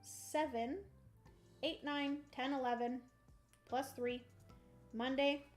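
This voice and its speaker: A woman's voice: high voice, fairly even intonation, slow, long pauses, faint music behind. A woman casually narrating her solo board game playthrough on a livestream, bubbly and playful, talking through each move. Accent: playful put-on country twang.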